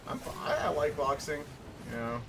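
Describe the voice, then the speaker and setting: A man's voice: a little high, big pitch swings, moderate pace, noisy background. A man chatting casually with a friend, often chiming in with short agreeing replies. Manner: easygoing listener, frequent short back-channel replies. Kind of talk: casual chat.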